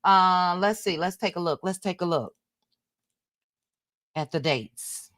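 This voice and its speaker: Slow-talking woman hosting a casual livestream. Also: on the low side, no room sound, studio quality. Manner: chatty, reads out loud while talking to viewers. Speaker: livestream host.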